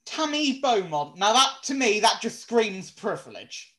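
A young co-host in casual podcast chat, playful and quick to laugh. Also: male voice, high voice, big pitch swings, a bit bright. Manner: playful, giggly banter.

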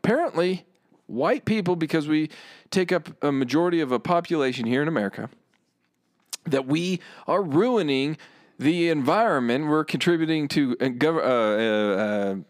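A man's voice: on the high side, animated, moderate pace, no echo, clean studio sound. A man hosting a podcast in casual banter, rambling and asking himself questions as he talks. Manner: rambling, questioning, self-interrupting. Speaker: podcast host.

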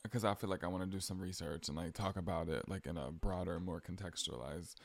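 A man's voice: sits low, brisk, creaky. A young man with a Southern accent, chatting casually on his solo podcast with frequent ums and likes. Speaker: podcast host.

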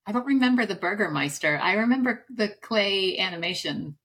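A woman's voice: medium pitch, animated, brisk, fairly bright tone, breathy edge. A woman hosting an interview who listens encouragingly and shows her appreciation. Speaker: host.

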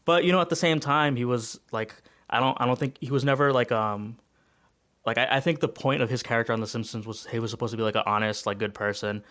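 Brief: male co-host, rapid filler-heavy delivery, passionate, smooth clear voice, slightly low. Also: a bit bright. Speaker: podcast co-host. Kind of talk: casual chat.

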